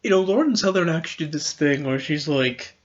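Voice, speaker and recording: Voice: mid-range voice, expressive, a little fast, highs cut off. A podcast host giving a casual political commentary monologue, rambling and sarcastic, often laughing.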